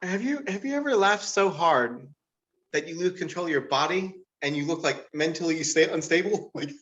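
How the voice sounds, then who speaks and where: A man doing stand-up comedy who laughs at his own jokes and rambles with lots of fillers, jumping way up in pitch when he quotes people. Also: lively intonation, normal speed, fairly bright tone, highs cut off. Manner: jumps to a much higher pitch to act out quoted people. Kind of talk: live-streamed stand-up comedy.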